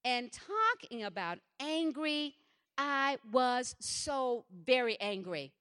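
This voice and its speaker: Middle-aged lady preaching, all fired up, repeats herself, goes quiet then loud, kinda high voice. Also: very animated, takes it slowly, clear, resonant tone. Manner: impassioned, repetitive, swings from hushed to loud. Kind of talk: sermon.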